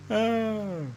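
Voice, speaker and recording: A man's voice: high voice, creaky, darkish tone, slight background noise. A New Zealand man livestreaming a flight sim, chatting in a rambling, joking, self-mocking way. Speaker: streamer. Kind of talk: casual livestream chat while flying a sim.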